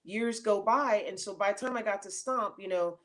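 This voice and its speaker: A middle-aged woman, an interview guest, telling stories in a casual, animated way with many fillers and restarts. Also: medium pitch, moderate pace.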